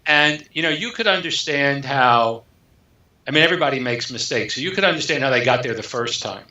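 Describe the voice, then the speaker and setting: Brief: male author guest, bright tone, lively storyteller who acts out dialogue, echoey and dull recording. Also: mid-range voice, brisk. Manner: animated storyteller acting out dialogue. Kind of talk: storytelling interview.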